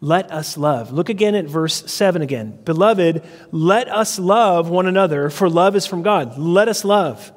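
A male pastor with a notably high voice delivers a verse-by-verse sermon in a church sanctuary. He teaches methodically, often repeating key phrases to drive them home. His voice rings out with a long hall reverb. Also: moderate pace, few pauses. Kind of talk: expository sermon.

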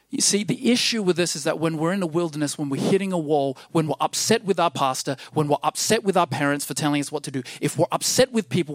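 A man's voice: on the high side, quick pace, few pauses, no room sound, studio quality. A man in his thirties preaching a sermon, rambling and self-deprecating with many restarts, growing emphatic toward the end.

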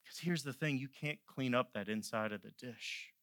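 A man preaching a sermon as pastor, moving from quiet, conversational storytelling to loud, impassioned peaks. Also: mid-range voice, normal speed, no echo, clean studio sound.

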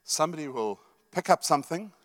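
A man's voice: on the high side, expressive, brisk, a bit bright. Middle-aged pastor guy preaching, punchy, keeps asking the room stuff, repeats himself. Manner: emphatic, repeats words, asks the room questions. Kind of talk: sermon teaching.

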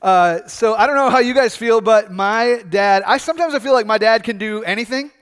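A man's voice: sits high, brisk, fairly bright tone, clear, resonant tone. A middle-aged man from Michigan, a pastor preaching a sermon in a conversational, storytelling way with frequent fillers and restarts.

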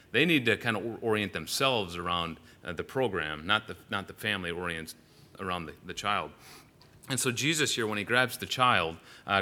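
A man's voice: lowish voice, pushed and bright. A male pastor giving a sermon in a church, telling stories animatedly with frequent "uh" fillers and restarts.

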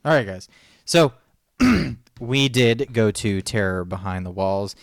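A man co-hosting a relaxed conversational show, speaking in a lowish voice full of fillers and little affirming murmurs. The sound is dry and close, with no room around it. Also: takes it slowly, no room sound. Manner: relaxed, lots of fillers and backchannel. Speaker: co-host. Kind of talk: casual chat.

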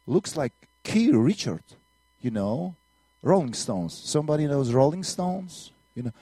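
A man's voice: a little high, big pitch swings, unhurried, dark tone, breathy edge, no room sound. Earnest Russian-accented man giving testimony. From Latvia. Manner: earnest storytelling with broken English and repeated words. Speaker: minister and missionary. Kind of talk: testimony sermon.

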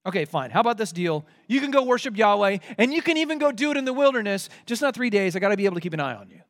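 A man doing a smug, condescending king who haggles with a wheedling tone, pitched fairly high for a man. It comes across as a quick voice sketched in the middle of a sermon rather than a full character performance. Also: very animated. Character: smug bargaining male king.

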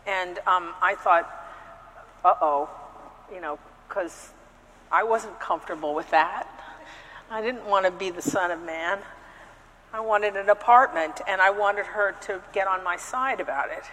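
A woman's voice: on the low side, measured pace, a bit bright, long reverb tail, slight background noise, poor audio. A woman priest giving a conversational sermon, telling personal stories with frequent restarts and hesitations. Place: church.

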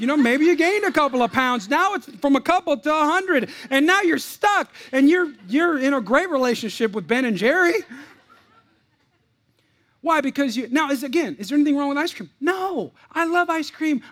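Male pastor, very high voice, playful joking sermon, stumbles and restarts often. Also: fairly bright tone. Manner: frequent restarts and repeated words.

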